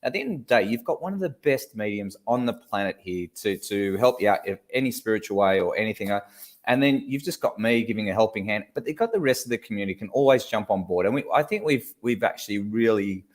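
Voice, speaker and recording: A man's voice: lowish voice, fast. An Australian man co-hosting a casual live-stream chat, talkative and swearing now and then. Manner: chatty, swears casually, animated. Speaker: co-host.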